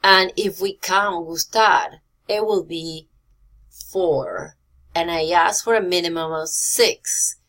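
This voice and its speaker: A woman teacher walks through corrections on student writing, repeating the key points so they stick. Her voice sits a little low for a woman, and she slips phrases in among her English explanations. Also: steady tone, takes it slowly, fairly bright tone. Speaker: Spanish teacher. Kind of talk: recorded feedback on student compositions.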